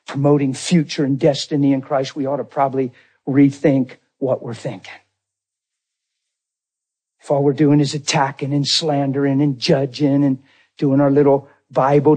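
A male preacher with a husky, slightly high voice delivers a sermon. He swings between loud, rising exclamations and quiet, low asides, pushing his points with force. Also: measured pace.

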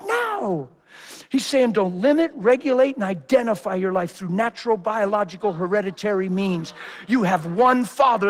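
A man preacher giving a sermon, talking in an emphatic, intense way. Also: high-pitched.

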